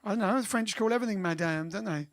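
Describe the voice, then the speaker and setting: A man from England hosting a casual livestream, chatting and joking quickly between songs. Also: high voice. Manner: chatty, joking, rapid asides. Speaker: band singer and host. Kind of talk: casual livestream chat and singing.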